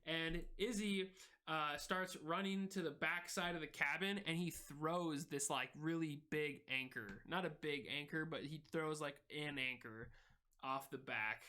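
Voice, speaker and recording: Bright-voiced male game master. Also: a little high, measured pace. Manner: loose, rambling, many fillers. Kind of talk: narrating a tabletop game.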